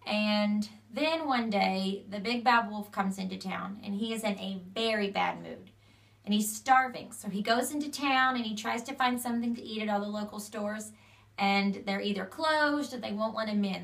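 Young woman chatting thru a fairy tale, kinda high voice, bit far from the mic. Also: fairly bright tone. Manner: chatty, strings sentences with "so" and "you know". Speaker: storyteller. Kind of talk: casual fairy-tale retelling.

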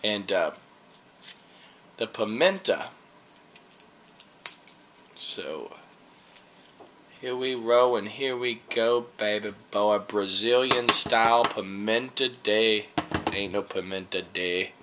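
Bright-voiced man reviewing peppers. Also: lowish voice, slow pace, pauses often, slight background noise. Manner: rambling, laid-back, folksy slang. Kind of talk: casual vlog tasting review.

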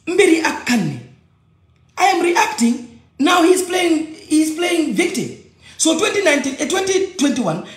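A high-voiced man with a Gambian accent delivers an agitated personal rant, circling back to the same complaints. His voice bounces around an echoey room. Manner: agitated, switching languages, repeating points.

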